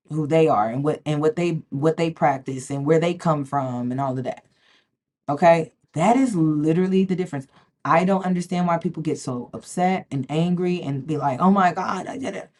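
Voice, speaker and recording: A woman's voice: sits low, a little mellow. A woman, talking casually and emphatically to camera as a spiritual vlogger, repeating herself and often asking "okay?". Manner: emphatic, repeats words, keeps checking in with "okay?". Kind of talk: casual direct-to-camera talk.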